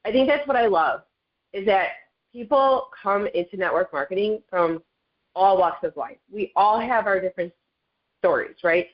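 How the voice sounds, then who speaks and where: A woman's voice: mid-range voice, normal speed, lo-fi sound. A woman sharing her story in a casual motivational talk on a group call, chatty and earnest, often speaking to listeners as "you guys". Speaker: network marketing leader sharing her story.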